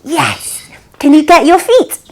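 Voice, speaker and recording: Upbeat woman teacher running a children's yoga class over a video call, high-pitched and slow-paced. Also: expressive, darkish tone. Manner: upbeat, encouraging, sing-song animal sounds.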